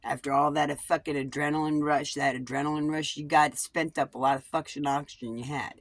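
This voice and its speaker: A woman's voice: sits low, steady tone, a little fast, dry recording. A woman vlogger talking in a rambling personal monologue about coping, blunt and digressive, swearing freely.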